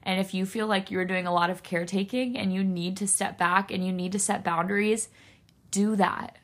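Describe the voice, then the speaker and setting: A woman's voice: medium pitch, normal speed. A woman hosting a solo podcast, speaking in a raw, candid way, emotional and close to tears, swearing freely. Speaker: podcast host.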